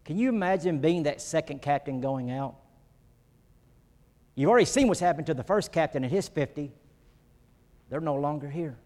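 A man's voice: a little high, animated, normal speed, pauses often, a little mellow. Preacher man in a reverberant hall. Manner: earnest preaching, rises when acting out quotes. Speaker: pastor. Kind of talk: sermon.

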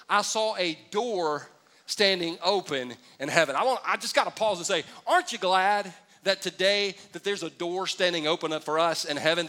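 Bright, high-voiced energetic preacher man. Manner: energetic, joking, builds to shouts. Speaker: pastor. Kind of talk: sermon.

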